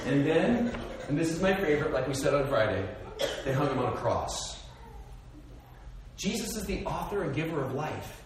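A man preaching a sermon in an animated storytelling way, swinging between loud and hushed, recorded from a distance in a large hall. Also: on the high side, normal speed, long pauses, a little hiss or hum. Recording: echoey hall, distant mic.

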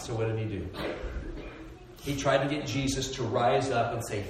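A man preaching a sermon in an animated storytelling way, swinging between loud and hushed, recorded from a distance in a large hall. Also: medium pitch, brisk, a little hiss or hum. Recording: echoey hall, distant mic.

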